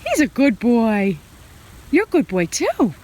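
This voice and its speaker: Woman vlogger, high lively voice, unhurried, coos at her pets outdoors. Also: a little hiss or hum. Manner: doting, laughing, sing-song praise. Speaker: homestead vlogger. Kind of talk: casual talk to pets while filming.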